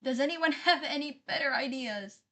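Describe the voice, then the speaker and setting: Woman streaming live, kinda high voice, chatty and apologetic, reads chat out loud. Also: moderate pace.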